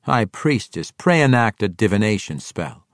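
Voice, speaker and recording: A suave male dark-elf double agent, cool and measured, voiced by a man reading aloud. The voice sits low but moves with animated pitch. The recording is dry and close. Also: no room sound. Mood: composed. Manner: cool, measured, self-assured.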